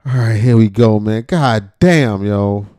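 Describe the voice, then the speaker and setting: A man giving casual, profane reaction commentary, with loud outbursts and frequent laughter. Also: fairly low pitch, measured pace, soft background music. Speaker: reaction streamer.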